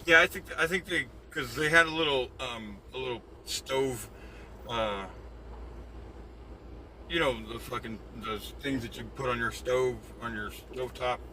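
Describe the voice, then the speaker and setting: A young man chats slowly and aimlessly into his phone, peppering everything with swearing and leaving sentences unfinished. His pitch sits in an ordinary middle register. Steady engine and road noise from the vehicle rumble beneath him. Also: low-quality recording. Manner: rambling, profane, trailing off mid-sentence. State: out of breath. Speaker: live streamer. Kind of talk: casual live-stream chat while driving.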